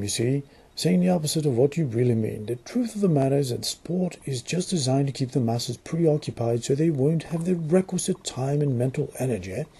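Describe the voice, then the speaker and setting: A man's voice: mid-range voice, mellow, husky. A man with an Australian accent playing a sarcastic, mock-formal male Illuminati news anchor in a satirical newscast, putting on a shaky British accent. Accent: put-on British over Australian. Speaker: comedic news presenter.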